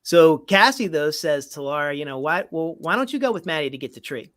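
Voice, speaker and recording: A man's voice: a little high, expressive, brisk, fairly bright tone. A man co-hosting a comedy podcast, casually reading a holiday movie script aloud and chatting, with lots of fillers and playful line readings. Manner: chatty, many fillers, reads lines in playful voices. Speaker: podcast co-host.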